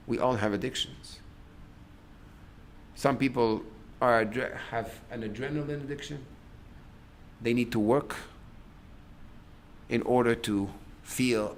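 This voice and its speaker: A middle-aged man, a rabbi, giving a lecture to a class on relationships. He tells stories in a lively way, acts out what people say, and breaks into sudden loud outbursts. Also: medium pitch, slow, pauses often, slight background noise. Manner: animated storyteller, acts out quotes, sudden loud bursts.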